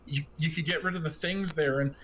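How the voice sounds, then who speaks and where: A man's voice: fairly high pitch, steady tone, brisk, fairly bright tone, natural voice. A man voicing a timid young peasant girl who stammers in rustic, folksy speech, over a noisy online voice chat. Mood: earnest.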